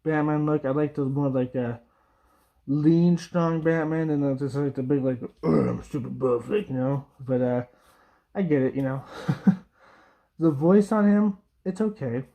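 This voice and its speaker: A man's voice: fairly high pitch, unhurried, warm tone. A young man giving a casual, rambling review, with lots of fillers and little laughs. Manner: rambling, frequent fillers, laughs, mock quoting voices. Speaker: video reviewer.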